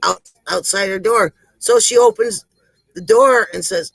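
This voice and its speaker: A man's voice: high-pitched, a little slow, creaky, fairly bright tone, slightly rough, dry recording, low-quality recording. A man hosting a comedy livestream, telling corny jokes to his chat, laughing at them and poking fun at himself. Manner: laughs at his own jokes, self-deprecating. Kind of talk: telling one-liner jokes to a live chat.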